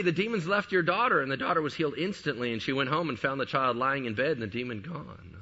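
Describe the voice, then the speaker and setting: A man preaching with a very bright, husky voice and a lively, swooping pitch. He acts out the scenes he tells with sudden shouted exclamations. The sound is dull and lo-fi. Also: quick pace, few pauses. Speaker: pastor. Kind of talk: sermon.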